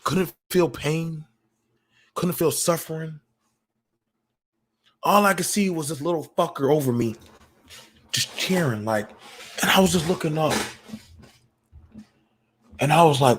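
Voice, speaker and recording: A man, a military veteran, telling a raw story in the first person, halting and profane with frequent restarts. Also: a little high, breathy edge.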